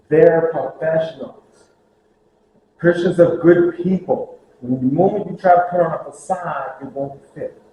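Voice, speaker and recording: A man telling lively stories about prison ministry to a group, acting out the voices of the people in them. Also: a little high, muffled recording. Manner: animated, acts out dialogue, laughs at own stories. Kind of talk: storytelling talk to a group. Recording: very echoey room with faint hiss.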